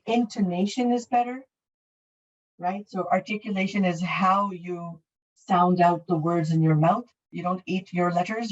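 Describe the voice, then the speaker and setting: A middle-aged Canadian woman with a lowish voice teaches an English class online, answering questions in a friendly, explanatory way. Her speech has many fillers and restarts, and the audio sounds dull, as if from a distant mic.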